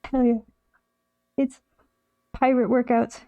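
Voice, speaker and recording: A woman's voice: fairly high pitch, flat delivery, takes it slowly, phone-quality sound. A young woman streaming, chatting casually and playfully with her chat as she draws, rambling and restarting her sentences.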